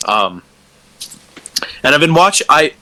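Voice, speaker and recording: Young male podcast co-host, goofy and jokey, bright lively voice, dry sound. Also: on the high side, takes it slowly, no room sound, poor audio. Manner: joking, goofy, laughs often. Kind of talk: casual chat.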